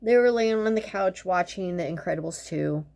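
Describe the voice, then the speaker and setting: Blunt, foul-mouthed woman venting, lower voice. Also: moderate pace, vocal fry, a little mellow. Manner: profane, blunt and sarcastic; rambling, exasperated storytelling. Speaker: dental practitioner. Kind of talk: casual venting monologue.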